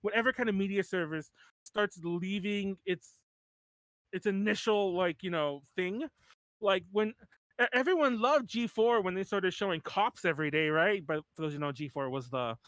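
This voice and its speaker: A man's voice: sits high, normal speed, a bit bright, no echo. A man in his thirties hosting a podcast in casual chat, rambling with lots of "like" and restarts and laughing often. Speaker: podcast host.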